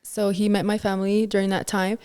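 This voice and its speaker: A woman's voice: mid-range voice, fairly quick, clean tone. A young woman in casual chat as a podcast guest, telling a story animatedly and acting out quotes. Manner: animated, acts out quotes, many "like"s.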